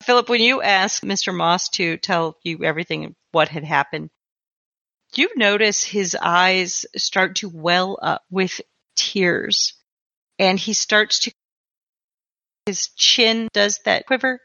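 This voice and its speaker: A woman narrating as game master of a tabletop horror game in a calm, measured way. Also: mid-range voice, vocal fry, dry recording, highs cut off.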